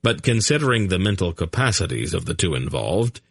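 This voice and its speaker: A man narrating a fantasy audiobook in measured, even storytelling. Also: sits low, gravelly, slightly rough, no room sound, studio quality. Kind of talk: scripted narration.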